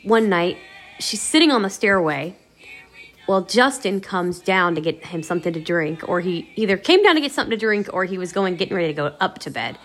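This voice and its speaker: A woman's voice: fairly low pitch, animated, fairly quick, a bit bright, faint music behind. A woman podcast host casually retelling a radio episode in a rambling, conversational way. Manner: rambling, conversational, many "you know" fillers.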